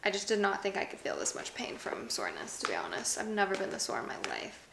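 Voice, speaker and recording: A woman's voice: mid-range voice, huge pitch swings, fast talker. A young woman in her twenties chatting candidly in a home vlog, sore from a workout, swearing casually. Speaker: vlogger. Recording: echoey room with clear background noise.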